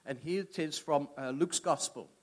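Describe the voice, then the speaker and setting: A middle-aged man preaching a sermon, telling a personal story in an animated, conversational way. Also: fairly high pitch, normal speed.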